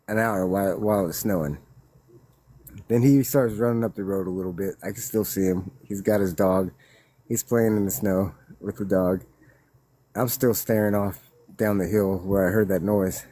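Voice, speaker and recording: A man telling a witness story in a loose, rambling way, laughing and growing excited as he recounts it. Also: lowish voice, moderate pace, no echo. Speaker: witness guest. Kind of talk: casual storytelling.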